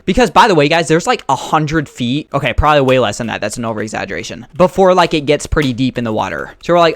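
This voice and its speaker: A man's voice: on the high side, expressive, fast talker, hardly any pauses, no echo. A young man casually telling a rambling story while playing a game and reacting to it. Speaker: gaming storyteller. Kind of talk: casual storytime over gameplay.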